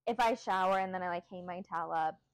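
A woman's voice: lowish voice, fast talker, smooth, dry recording. A woman co-hosting a casual podcast, talking loosely with many "like" fillers and agreeing often. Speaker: podcast co-host. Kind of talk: casual chat.

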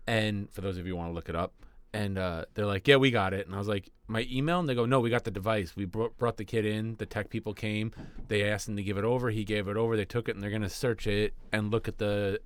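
This teacher and podcast co-host has a fairly low, smooth voice with a steady tone, and he talks fast. On the casual show he tells lively stories, voicing the quotes himself and laughing often.

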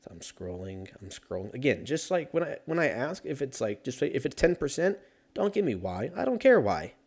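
A man's voice: medium pitch, very animated, brisk, a little mellow, husky. A man talking casually on his own, rambling and joking with plenty of swearing. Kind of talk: casual solo chat.

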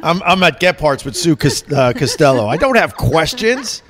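A man's voice: a little high, big pitch swings, moderate pace, crowd noise. A man hosting a podcast, chatting casually from a bar and laughing often. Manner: laughs often, loose and joking. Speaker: podcast host. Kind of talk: casual chat. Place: bar or restaurant.

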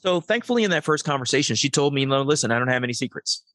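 A man's voice: medium pitch, lively intonation, racing, a bit bright, no echo. A middle-aged man, a podcast guest, telling a personal story and acting out the dialogue in it. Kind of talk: storytelling interview.

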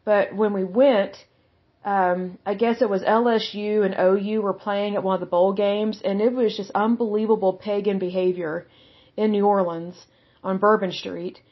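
A woman's voice: mid-range voice, fairly even intonation, normal speed. A woman talks through a Bible passage in a plain, conversational way. She is blunt and outspoken and says things straight. The audio is slightly dull and lo-fi. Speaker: podcast Bible teacher. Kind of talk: casual Bible teaching.

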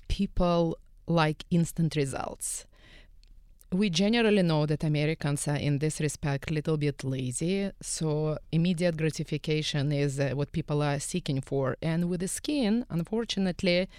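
Russian-accented woman, smooth clear voice. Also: low-pitched, normal speed, darkish tone, no room sound, studio quality. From Eastern Europe. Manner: earnest, slightly broken English. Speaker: salon owner and skin care specialist. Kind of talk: radio panel talk.

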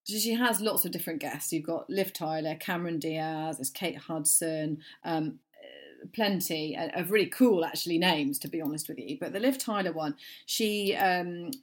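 A woman's voice: sits low, moderate pace. A woman reviewing TV in a casual chat, digressing with frequent fillers and restarts.

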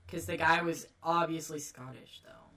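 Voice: medium pitch, fairly even intonation, pushed and bright. A joking player chatting casually during a tabletop game. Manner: joking, quick to laugh. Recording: echoey, distant and noisy mic.

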